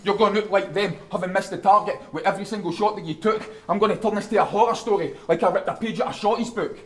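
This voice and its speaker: Fast-talking male battle rapper. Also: high-pitched, steady tone, fairly bright tone. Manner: rhymed taunts, brisk delivery. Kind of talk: live rap battle performance.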